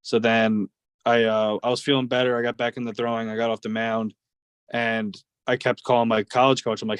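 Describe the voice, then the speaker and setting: Young male ballplayer, casual guest, rambling storyteller with many fillers, monotone delivery. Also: mid-range voice, a little fast, clear, resonant tone, no echo. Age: 20s. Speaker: guest, professional baseball player.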